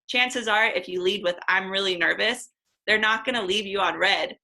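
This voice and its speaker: A woman's voice: medium pitch, fairly quick, creaky, sharp tone, low-quality recording. A woman in her twenties talking candidly as a guest coach on a video call, chatty and casual, with the odd swear word. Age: 20s.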